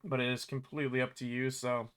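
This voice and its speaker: A man developing a game, thinking aloud in a halting way, correcting himself as he works and muttering to himself. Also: mid-range voice, level tone, fairly bright tone. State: hiccuping. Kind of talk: thinking aloud while working.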